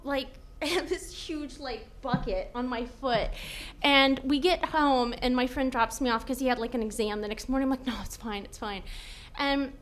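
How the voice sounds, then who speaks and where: A young adult woman telling a funny personal story on stage, acting out quotes loudly and animatedly. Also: high-pitched. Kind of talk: live comedic storytelling.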